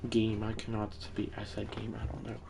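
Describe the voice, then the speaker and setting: A man streaming a baseball video game live, talking to his chat between pitches and breaking into mock play-by-play calls. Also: moderate pace, creaky, a little hiss or hum. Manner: mock play-by-play announcing, excitable; chatty asides to viewers.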